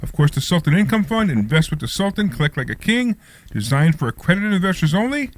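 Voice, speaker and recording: A man's voice: sits high, very animated, fast talker, a little hiss or hum. Upbeat male radio talk show host. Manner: upbeat, teasing banter. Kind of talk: radio talk show chat and sponsor reads. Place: radio studio.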